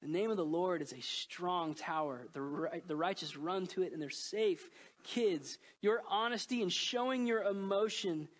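Earnest high-voiced male pastor. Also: normal speed. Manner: earnest, emotional, swings between loud and hushed. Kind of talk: sermon.

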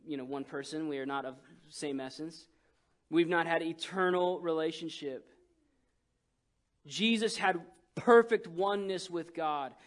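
Animated high-voiced male preacher. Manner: animated storytelling, swings from loud bursts to hushed lines. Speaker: pastor. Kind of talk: sermon.

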